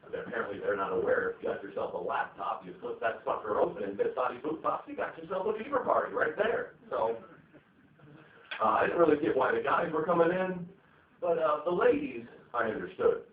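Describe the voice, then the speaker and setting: A man's voice: mid-range voice, sing-song, a little fast. A man doing a stand-up set, rambling and profane, with lots of fillers. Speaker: stand-up comedian. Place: comedy venue stage. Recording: echoey, tinny, distant live recording.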